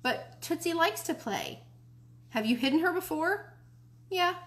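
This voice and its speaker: A woman reading a storybook aloud, voicing a small mischievous boy who is jealous of his baby sister in a high, childlike, whiny voice. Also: lively intonation, measured pace, a bit bright, exaggerated voice.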